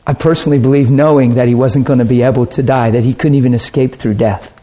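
Earnest preacher man, mellow voice. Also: medium pitch, steady tone, fast talker. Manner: earnest, conversational preaching with rhetorical questions. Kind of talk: sermon.

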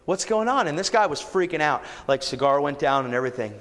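A man preaching and telling a testimony story, growing animated and shouting at times. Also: on the high side, fast, big-room sound. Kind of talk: storytelling sermon.

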